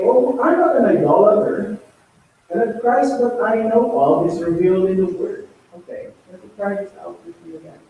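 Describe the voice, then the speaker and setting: A man delivers a sermon in a high, mellow voice. He speaks slowly and leans on rhetorical questions. The recording comes from far off in a very echoey church hall. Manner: emphatic preaching with rhetorical questions. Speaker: pastor. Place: church sanctuary.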